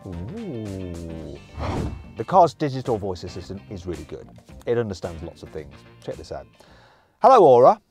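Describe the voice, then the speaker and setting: A man's voice: deep voice, big pitch swings, moderate pace, darkish tone, soft background music. Upbeat British man reviewing a car. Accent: British English. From English Midlands. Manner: upbeat, playful, chatty. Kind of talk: presenting a car review video. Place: in and around a car.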